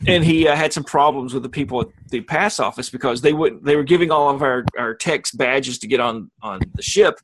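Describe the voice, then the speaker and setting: A man co-hosting a casual chat, telling a relaxed anecdote and chiming in with agreement. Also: mid-range voice, fairly quick, hardly any pauses, a little hiss or hum, low-quality recording. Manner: storytelling, relaxed, chimes in with agreement. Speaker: podcast co-host.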